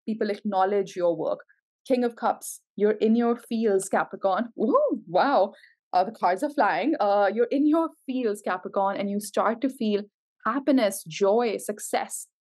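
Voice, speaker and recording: A woman's voice: mid-range voice, measured pace, a little mellow. A woman giving a tarot reading to camera, gushing and emotional, full of exclamations. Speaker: tarot reader.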